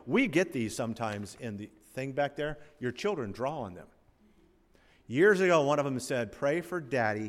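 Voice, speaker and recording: Male preacher, conversational and wry, recorded in a reverberant sanctuary. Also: medium pitch. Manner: conversational preaching with asides and humor. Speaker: pastor. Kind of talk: sermon. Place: church sanctuary. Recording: long hall reverb.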